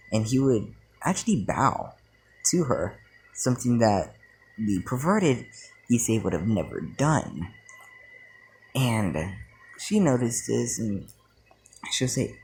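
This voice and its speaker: A man's voice: lowish voice, big pitch swings, slow, pauses often, darkish tone, husky. A young man casually telling a fan story, rambling with fillers and slang.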